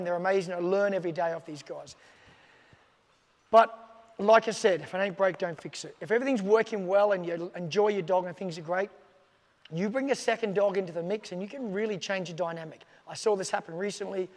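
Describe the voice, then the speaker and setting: A man's voice: high-pitched, in a large hall. A man working as a dog trainer, giving casual, plain-spoken advice to camera and repeating his key points. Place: dog training facility with staff around.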